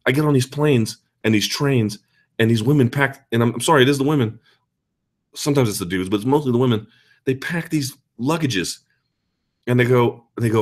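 A male host of a live chat show, talking casually and answering viewer questions in an animated, ranting, sarcastic way. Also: mid-range voice, brisk.

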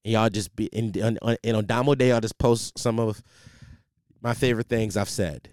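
Speaking at a moderate pace in a fairly low voice, this young podcast host sounds worn out from lack of sleep as he rants profanely and animatedly, often restarting his thoughts. He records at home on a studio microphone, with no echo.

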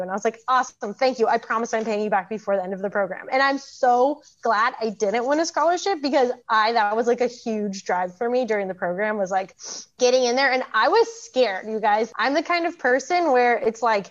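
A woman's voice: a little high, fairly quick, highs cut off. A woman in her thirties, a program graduate, telling her story casually with many fillers and frequent laughs. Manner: chatty, lots of fillers, laughs often.

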